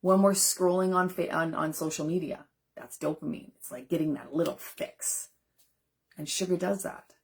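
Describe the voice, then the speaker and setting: Her voice is lowish and slightly rough, with vocal fry, fairly even intonation, and a moderate pace. The woman, a nutrition coach, chats earnestly with live-stream viewers and responds to their comments in a casual way.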